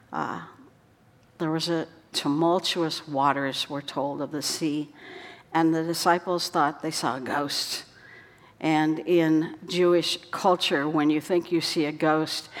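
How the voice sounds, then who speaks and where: Woman preacher, lowish voice, earnest sermon delivery, long reverb around her. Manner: earnest, dropping to soft whispered quotes.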